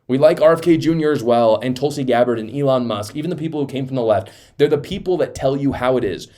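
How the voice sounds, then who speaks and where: A man's voice: medium pitch, fast, mellow. A young man runs a political reaction show, and his delivery is heated and emphatic. He mimics the people he criticizes in sarcastic put-on voices. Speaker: political commentary host. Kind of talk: reaction commentary.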